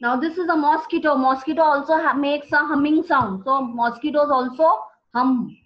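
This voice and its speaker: Brief: woman teaching a class, high voice, patient repetition, dull lo-fi sound. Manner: slow, repeating key words for students. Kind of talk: classroom vocabulary lesson. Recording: dull lo-fi recording.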